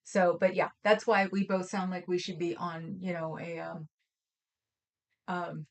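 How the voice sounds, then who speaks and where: With a lowish voice, little pitch movement, and an unhurried pace, this livestream co-host from Oakland, California, rambles through casual chat. She tells stories and often trails off into fillers.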